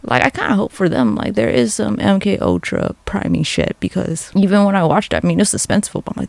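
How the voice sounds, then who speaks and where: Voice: mid-range voice, big pitch swings, fast talker, vocal fry, hardly any pauses, darkish tone, no room sound. A vlogger in casual, rambling commentary, sarcastic and swearing constantly.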